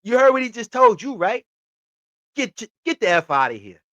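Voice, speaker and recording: Animated reaction host with lively pitch. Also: male voice, normal speed, no echo, dull audio. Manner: animated, laughing, repeats lines and hypes them up. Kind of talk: casual reaction commentary.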